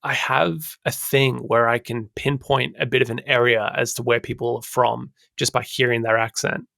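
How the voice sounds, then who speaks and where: A man hosting a podcast interview, friendly and quick to laugh. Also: medium pitch, steady tone, vocal fry, pushed and bright, no room sound, clean studio sound. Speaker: podcast host.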